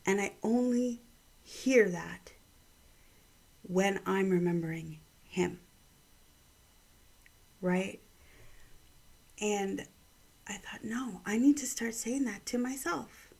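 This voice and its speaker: Slow, husky-voiced gentle woman. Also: medium pitch. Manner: gentle, reflective, drifts into soft whispers. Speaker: vlog host giving encouragement. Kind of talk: personal storytelling and encouragement.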